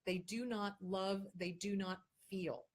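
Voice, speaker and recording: A woman's voice: medium pitch, steady tone, slow. A woman hosting an advice show, answering viewer questions in casual talk, blunt and emphatic, hammering her points home by repeating them.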